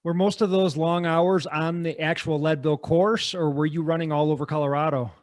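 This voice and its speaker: A man hosting a casual interview, giving brief quiet backchannels and asking rambling questions. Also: fairly high pitch, fairly even intonation, brisk, no echo, studio quality. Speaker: podcast host.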